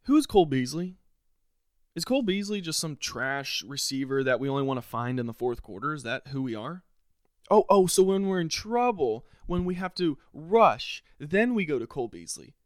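A man of middle pitch rants alone on his podcast, frustrated and sarcastic. His voice keeps leaping up in pitch and volume when he gets worked up. He is close to the mic in a very dry, dead-sounding room. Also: animated, brisk, no echo. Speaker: podcast host. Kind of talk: solo sports rant.

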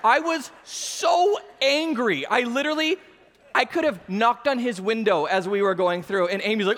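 A man in his thirties with a notably high voice delivers a sermon, spinning everyday stories with lively, self-mocking humor. His voice rings out with a long reverb, as if he is speaking in a large hall. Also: moderate pace. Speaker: pastor. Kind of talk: sermon with personal storytelling.

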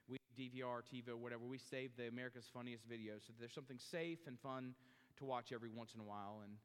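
A man's voice: mid-range voice, steady tone, quick pace, clean tone. A man preaching a sermon as a pastor, explaining word meanings and turning to his congregation with asides. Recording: long hall reverb.

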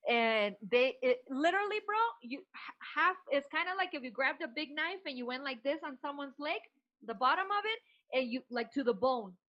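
Brash high-voiced woman swearing casually. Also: expressive, moderate pace, muffled recording. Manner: brash, swears freely, says "bro". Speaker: podcast co-host. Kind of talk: casual chat.

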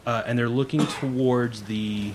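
A man's voice: mid-range voice, steady tone, measured pace, heavy background noise. Man running a tabletop game. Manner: casual, rambling, self-correcting. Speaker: game master.

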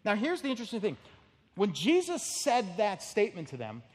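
Animated male pastor, big hall. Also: high-pitched, a little fast. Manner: animated storytelling with sudden loud outbursts. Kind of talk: expository sermon.

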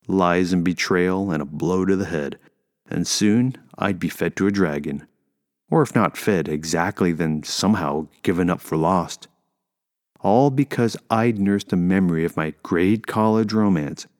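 A man narrating a first-person story in a measured, steady way. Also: low voice.

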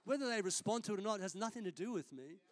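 A man's voice: high-pitched, animated, fast talker. A man, a senior pastor preaching a sermon in a conversational, storytelling way during a church service.

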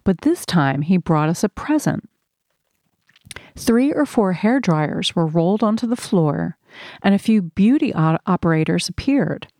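Woman reading her memoir, kinda low voice, earnest and steady, dry no room sound. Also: unhurried, no echo. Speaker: narrator. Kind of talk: first-person memoir read aloud.

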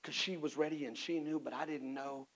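A man from Texas, telling his own story in an animated, self-mocking sermon with lots of restarts. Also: on the high side, brisk. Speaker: preacher.

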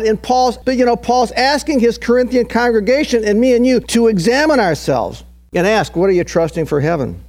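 A man with a high voice preaches a sermon in a chatty, down-to-earth way, repeating his words for effect. He swings from loud, emphatic peaks to low, hushed intensity. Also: lively intonation, a little fast. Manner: conversational, folksy preaching with repetitions. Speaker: pastor.

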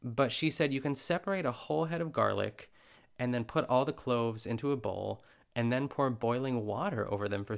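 Gravelly and mid-range, his voice carries a casual, chatty podcast where he hosts. Filler words pile up and laughs come frequently as he talks.

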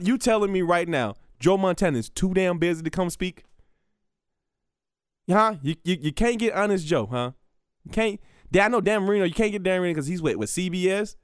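A man's voice: high-pitched, no room sound, clean studio sound. A man hosting a solo podcast, rambling and profane, with lots of restarts. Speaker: podcast host. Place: radio station studio.

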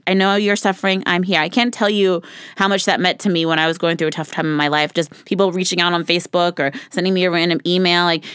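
A woman's voice: on the low side, clean tone, no echo, clean studio sound. A woman hosting her own podcast in casual solo talk, earnest, repeating words for emphasis and laughing at herself. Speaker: podcast host.

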